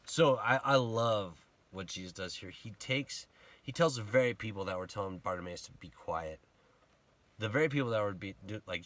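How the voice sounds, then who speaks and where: A man giving a casual sermon, retelling a Bible story in a conversational, animated way and acting out the people in it. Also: fairly low pitch, normal speed. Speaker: preacher.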